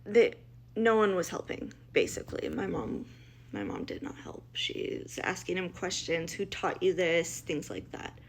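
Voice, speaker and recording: In personal storytelling about her family, a middle-aged mother speaks in a low, creaky, very animated voice at a measured pace. She's blunt and emotional, acts out others' lines, and restarts a lot; slight background noise is present.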